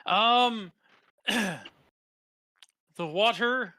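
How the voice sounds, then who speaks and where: A man narrating as game master for a tabletop role-playing game, halting and full of fillers and restarts. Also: sits high, sharp tone.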